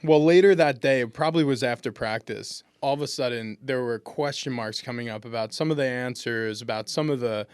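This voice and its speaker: This pro football lineman, in his twenties, talks briskly and hardly pauses while telling laid-back, funny anecdotes in a casual interview full of restarts. His mid-range voice is clear and resonant, with no echo.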